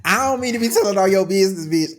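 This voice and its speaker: A young adult woman co-hosting a podcast in casual chat, animated and slangy, with a lot of profanity. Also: mid-range voice, racing. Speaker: podcast co-host.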